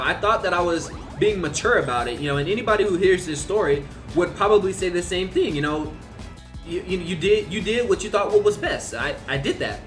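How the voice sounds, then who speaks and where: A young man with a high voice tells a personal story in a loose, rambling way. He fills his talk with fillers and swearing, and faint music plays behind him. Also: a bit bright. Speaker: vlogger. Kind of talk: casual storytelling.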